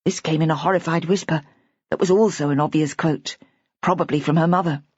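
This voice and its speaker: A woman narrating an audiobook mystery with measured, expressive storytelling. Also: sits low, husky, dry recording. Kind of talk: scripted narration. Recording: dull, dry lo-fi audiobook recording.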